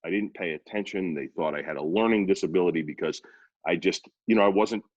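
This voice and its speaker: A man in his fifties with a lowish voice, spinning rambling, animated stories from his radio career. The recording is dry and a little dull, with no room sound around him. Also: brisk, no echo. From Worcester, Massachusetts. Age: 50s. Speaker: radio personality guest. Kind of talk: casual storytelling interview.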